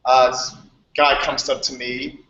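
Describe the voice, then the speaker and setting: A young man, a Playfair presenter, telling stories in a casual chat on a group video call, animated and laughing. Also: medium pitch, unhurried. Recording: echoey, dull video call audio.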